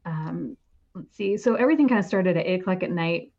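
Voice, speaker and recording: A woman in her forties, a podcast guest, telling her story in a casual, animated way and laughing often. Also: fairly low pitch, brisk, muffled recording. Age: 40s.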